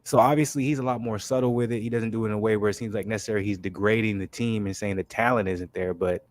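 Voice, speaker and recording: A man's voice: fairly low pitch, fast. A man co-hosting a casual sports podcast, talking animatedly and acting out quotes. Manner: animated, quotes people in acted voices. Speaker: podcast co-host.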